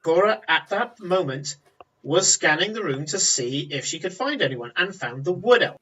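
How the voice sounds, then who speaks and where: A man narrating a tabletop game as game master, descriptive and pausing with fillers. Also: a little high, pushed and bright, muffled recording. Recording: voice a bit far from mic.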